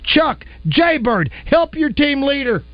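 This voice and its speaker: High-voiced man hosting a radio game. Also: sing-song, takes it slowly, dry recording. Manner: teasing, showy game-show delivery. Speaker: radio host running a call-in game. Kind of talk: morning radio banter. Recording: dull radio broadcast sound with music bed.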